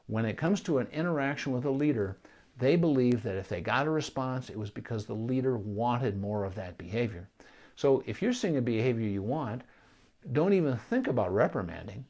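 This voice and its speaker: A man's voice: mid-range voice, a little mellow. Middle-aged man, veterinarian, informal teaching voice, conversational with restarts. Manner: conversational, explanatory, with asides and restarts. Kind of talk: informal teaching on puppy training.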